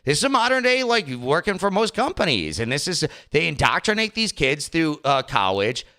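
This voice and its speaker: Young man, podcast host, lively pitch, smooth clear voice, exasperated rant. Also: moderate pace. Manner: rambling, exasperated, mocking impressions. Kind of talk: casual opinion talk.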